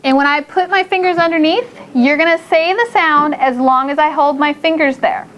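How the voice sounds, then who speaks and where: High-voiced upbeat woman teaching kids. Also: fairly bright tone, a little hiss or hum. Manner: upbeat, encouraging, drawn-out modelling of words. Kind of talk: classroom phonics lesson. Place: classroom with small group of children.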